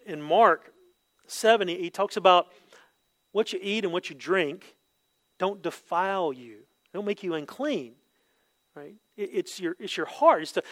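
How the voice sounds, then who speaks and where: High-voiced man preaching, keeps asking "right?". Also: fairly bright tone. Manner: acts out quotes with sudden pitch jumps. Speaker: pastor. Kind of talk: expository sermon.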